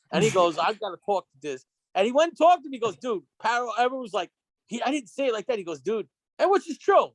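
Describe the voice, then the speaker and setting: A man as a podcast guest, telling stories in an excitable, rambling way, full of restarts and acted-out quotes. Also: high-pitched, dry recording. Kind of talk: casual storytelling chat. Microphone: podcast microphone.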